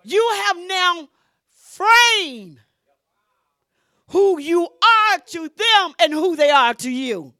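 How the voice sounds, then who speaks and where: A woman preaching a sermon, drawing out her words and rising to loud, emphatic peaks. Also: extremely high pitch, animated, extremely slow, long pauses, no echo, clean studio sound.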